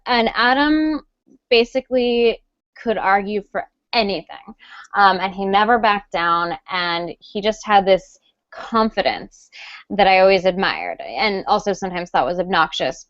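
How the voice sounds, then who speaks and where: Woman guest, chatty, lots of ums, mid pitch, dull call audio. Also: no echo. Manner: chatty, frequent ums, animated storytelling. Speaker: guest author. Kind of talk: casual live video chat. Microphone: video call.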